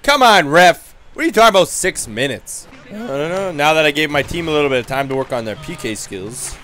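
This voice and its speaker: A man doing loud, taunting gameplay commentary, trash-talking in character as his hockey player. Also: on the high side, a little fast, slight background noise. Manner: loud, taunting, animated and jokey. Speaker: gamer.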